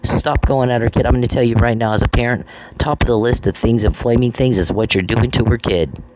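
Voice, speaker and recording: A man speaking fairly quickly in a mid-range, slightly mellow voice unleashes an angry, profane monologue on someone, hammering the same accusations repeatedly. The recording is noisy, with clicks.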